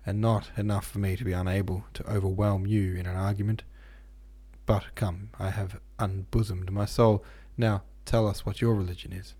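A man's voice: lowish voice, level tone, moderate pace, warm tone, husky. A man voicing a pompous, slightly drunk young poet who speaks in grand, rhythmic sentences. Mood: cheerful. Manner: grand, rhythmic, self-pleased delivery.

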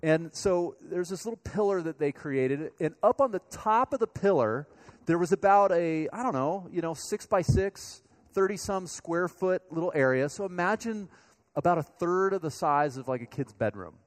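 A pastor from Colorado giving a sermon, speaking to the congregation in a conversational, storytelling way. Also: male voice, high voice, normal speed. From Colorado, USA.

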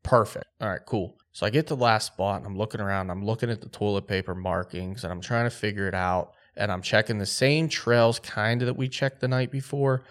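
A man with a somewhat low voice recounts a story on a podcast in relaxed, casual talk, his speech thick with "like" and fillers. He brings the tale to life by acting out the back-and-forth of what people said. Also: brisk, hardly any pauses. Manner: excited, lively retelling with quoted dialogue; laid-back, filler-heavy speech with frequent "like". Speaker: podcast co-host.

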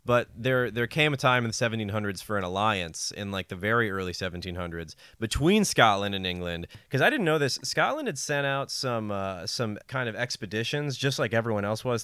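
Smooth-voiced young comedian, dry sound. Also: male voice, fairly low pitch, pushed and bright, dry recording. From New York. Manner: joking, rambling, laughs often. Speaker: comedian, podcast co-host. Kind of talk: casual comedic chat.

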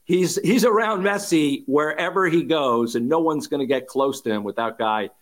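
Steady anecdotal sports talk host, man. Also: a little high, normal speed.

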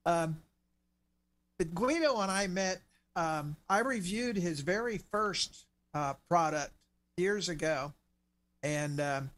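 A man's voice: sits high, takes it slowly, pauses often, a bit bright. A man co-hosting a radio segment, chatting in a friendly, casual way. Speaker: co-host, author.

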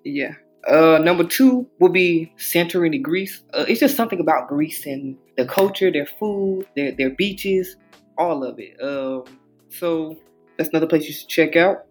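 A man co-hosting a podcast, chatting in a relaxed, easygoing way and cracking jokes. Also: a little high, moderate pace, faint music behind. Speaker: podcast co-host. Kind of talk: casual chat.

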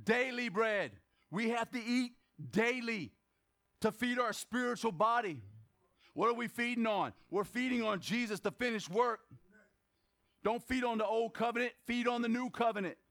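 Man, very high-pitched voice, pastor, lively sermon, call-and-response questions, joking asides, sudden shouts. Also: normal speed. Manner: bursts into shouts for emphasis. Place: church service.

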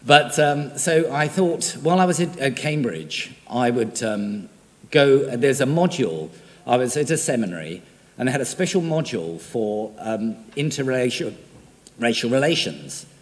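English-accented older priest in a reverberant church. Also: male voice, mid-range voice, animated, moderate pace. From Australia. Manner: conversational, self-deprecating, with frequent fillers. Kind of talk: homily.

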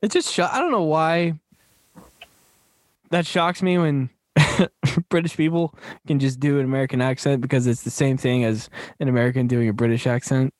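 A man's voice: medium pitch, normal speed, dry recording. A man hosting a podcast, chatting casually about a movie, laughing often and repeating phrases. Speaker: podcast host.

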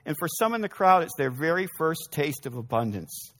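Animated male preacher, wide pitch swings. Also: normal speed. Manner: expressive preaching, swinging between loud emphasis and soft asides. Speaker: pastor. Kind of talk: sermon.

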